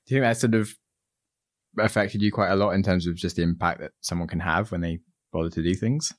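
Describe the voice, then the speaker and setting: Deep-voiced male podcast host, dry sound. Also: brisk, no room sound. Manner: relaxed, loose phrasing with "like" fillers. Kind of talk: casual interview.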